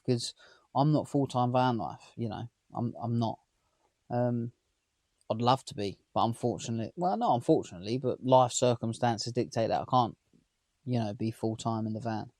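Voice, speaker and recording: A man's voice: mid-range voice, warm tone, no echo. Chatty thirty-something London-area man. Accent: southern English, London area. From England. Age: 30s. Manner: rambling, chatty, asks viewers questions. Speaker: vlogger. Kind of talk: casual chat to camera. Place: inside a parked camper van.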